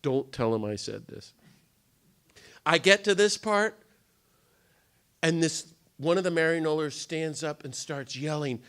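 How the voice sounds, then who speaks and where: Excitable man lecturing with lively swoops. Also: fairly high pitch, smooth. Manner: fast, excitable, theatrical delivery. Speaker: speaker at a nonviolence day. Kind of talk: animated storytelling lecture. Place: indoor gathering room.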